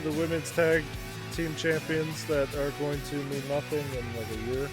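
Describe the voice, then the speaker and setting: A man's voice: a little high, flat delivery, moderate pace. A young man streaming a wrestling video game, with sarcastic, muttering commentary. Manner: sarcastic, swearing, muttering asides. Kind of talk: casual gameplay commentary. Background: game music.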